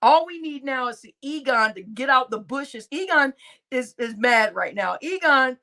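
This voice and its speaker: A woman's voice: high voice, animated, moderate pace, sharp tone. A woman hosting a casual live stream, chatting and laughing with her viewers and addressing them as y'all. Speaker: livestream host.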